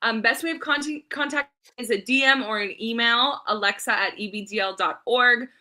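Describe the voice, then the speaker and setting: A woman guest on a podcast talking in a casual, upbeat and eager way, rattling off her contact details quickly. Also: a little high, sharp tone. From Southern California. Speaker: podcast guest, nonprofit founder. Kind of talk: casual interview chat.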